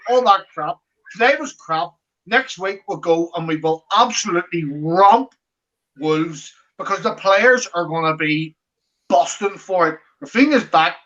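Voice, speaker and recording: A man's voice: high-pitched, lively intonation, moderate pace, sharp tone, dull audio. A man co-hosting a fan podcast, who talks in a heated way and repeats himself for emphasis. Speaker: co-host of a fan channel. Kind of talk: post-match fan podcast.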